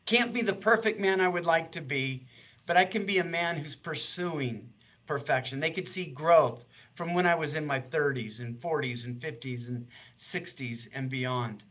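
A man's voice: fairly high pitch, moderate pace, fairly bright tone. A man in his sixties, a guest author in a faith-based radio interview, talking in an earnest, heartfelt way.

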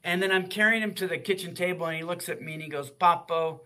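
A man's voice: high voice, rapid-fire, pushed and bright. A man in his sixties, a guest author in a faith-based radio interview, talking in an earnest, heartfelt way.

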